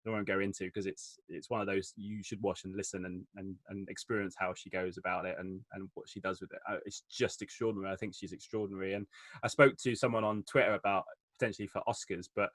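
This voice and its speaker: A man, an enthusiastic film critic chatting casually through a review in quick rushes. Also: low voice, steady tone, a bit bright, no echo.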